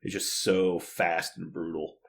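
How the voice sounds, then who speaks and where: A man's voice: low-pitched, level tone, a little slow, vocal fry, slightly rough. A young man co-hosting a casual podcast, swearing freely, laughing often and acting out quotes in a raised voice. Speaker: podcast co-host.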